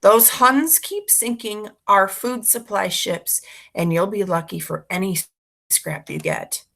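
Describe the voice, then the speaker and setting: A woman's voice: medium pitch, sing-song, slow pace, a bit bright, exaggerated voice. A woman voicing a sarcastic, scolding stepmother. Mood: stern. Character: sharp-tongued stepmother, scolding.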